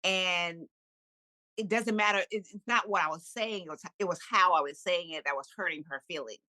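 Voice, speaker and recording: A middle-aged woman, a podcast guest, telling a personal story in an animated, candid way with frequent laughs. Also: on the low side, moderate pace, dry recording, low-quality recording. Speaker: podcast guest, kindness speaker. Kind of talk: casual storytelling interview.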